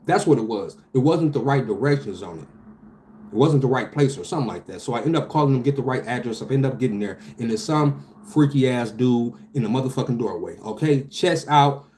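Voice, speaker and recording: A man, animated and profane, telling a story about his delivery job with loud outbursts. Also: medium pitch, a little fast, slight background noise. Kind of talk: casual storytelling vlog.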